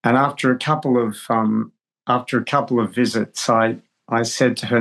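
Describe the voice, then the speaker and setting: An older man, a guest actor, spinning a long anecdote with halting restarts. He talks in a relaxed, conversational way and comes through on a video call. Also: medium pitch, poor audio. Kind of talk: storytelling in conversation.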